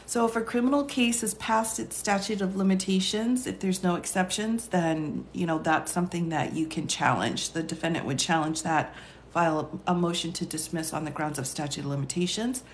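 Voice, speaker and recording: A woman's voice: fairly low pitch, normal speed, a little hiss or hum. A woman who is a lawyer and law teacher, hosting a casual live stream, chatting and laughing often as she reads viewer comments aloud. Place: indoor room, streaming live. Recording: roomy echo.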